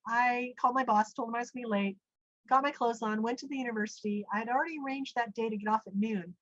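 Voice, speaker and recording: A woman's voice: fast talker, no room sound. A middle-aged woman, a podcast guest, tells a personal story with animation and acts out what people said. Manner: animated storyteller, acts out quoted speech with big pitch jumps. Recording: dull, dry lo-fi audio.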